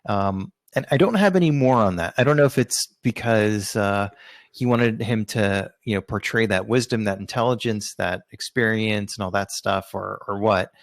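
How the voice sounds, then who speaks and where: A man's voice: on the low side, moderate pace, no echo. A man co-hosting a podcast, chatting casually and explaining with hesitant fillers. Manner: hesitant, many fillers and restarts while explaining. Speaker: podcast co-host. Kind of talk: casual chat.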